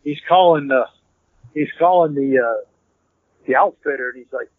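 A man, a hunter and podcast guest, telling a story in a rambling, animated way and repeating "I said" as he acts out the dialogue. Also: medium pitch, moderate pace, husky, dry recording. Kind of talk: casual storytelling. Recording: tinny phone-like, dry.

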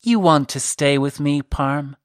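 A man's voice: on the high side, unhurried, dry recording, clean studio sound, close to an everyday voice. A man voicing a coaxing female monster. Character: seductive female monster, calm and commanding.

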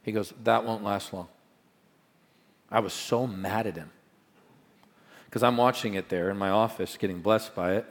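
A middle-aged male pastor preaching a sermon, swinging between loud proclamations and quiet asides. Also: on the low side, normal speed, big-room sound.

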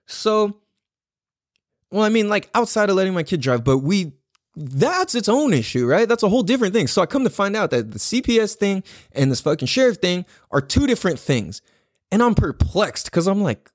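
Male podcast host, lively pitch, slightly high, swearing casual storyteller, dry close mic. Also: normal speed, dry recording. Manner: profane, rambling, animated storytelling. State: just back from a run.

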